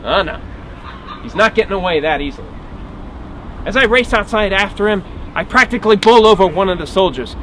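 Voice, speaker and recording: Outdoors amid traffic noise, in a low-quality recording, a man reenacts a dogged 1850s marshal, delivering a tense, wry first-person monologue with grumbled asides. His high, slightly bright voice is animated and a little fast, with frequent pauses.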